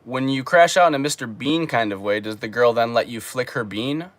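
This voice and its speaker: In a Japanese home streaming room, a casual young man chats on a livestream, his mid-range voice moving a little fast. He's laid-back and jokey, reading out questions from his viewers. There's no room sound.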